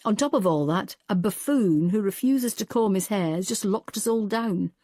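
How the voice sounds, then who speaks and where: A woman's voice: medium pitch, moderate pace, mellow, no echo, clean studio sound, natural voice. A woman voicing a weary woman detective who talks earnestly, with a wry and slightly tearful edge.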